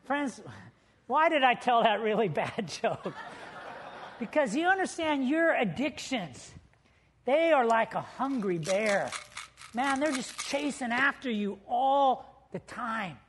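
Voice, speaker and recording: Male pastor, very high voice, humorous storyteller, sermon delivery. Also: takes it slowly, slight background noise. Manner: lively storytelling preacher with humor.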